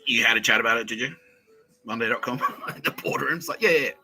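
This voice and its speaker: A man's voice: mid-range voice, quick pace, sharp tone, soft background music, rough recording. A man with an Australian accent hosting a rambling, profane comedy podcast, laughing at his own jokes and slipping into mock voices for bits. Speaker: podcast host.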